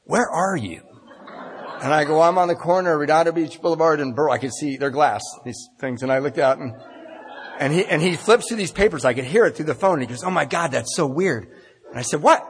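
A man's voice: on the high side, fast talker, in a large hall, slight background noise. A man giving a talk at a recovery meeting, telling his story to a large audience and acting out the voices of the people in it. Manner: animated storyteller, acts out voices.

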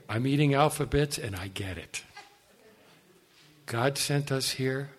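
An older man giving a personal storytelling talk about his faith, animated and self-deprecating, with frequent asides to the audience. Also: mid-range voice. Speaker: speaker sharing his testimony.

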